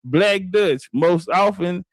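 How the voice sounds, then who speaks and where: A man co-hosting a livestream, talking loosely and rambling, sometimes reading aloud haltingly. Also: high voice, dry recording, studio quality. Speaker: livestream co-host. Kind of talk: casual livestream chat.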